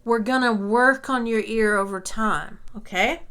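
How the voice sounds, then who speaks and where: High-voiced, slow, patient woman music teacher. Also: fairly bright tone, clean tone. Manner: patient, reassuring, checks in with "okay?". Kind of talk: instrument lesson, talking and singing along.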